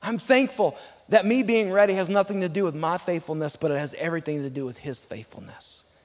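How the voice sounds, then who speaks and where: A guest pastor from Texas, a man with a slightly high voice, preaches an emphatic sermon and calls on the congregation to answer back. He swings between fast and slow, rushing some phrases and drawing others out for emphasis, with the long reverb of a large church sanctuary behind him.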